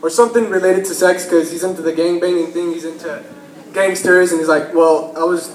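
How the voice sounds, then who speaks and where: A man's voice: high-pitched, fairly even intonation, fairly quick. A young man with a Texan accent doing a stand-up set at a comedy bar, chuckling through his own jokes. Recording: echoey club room.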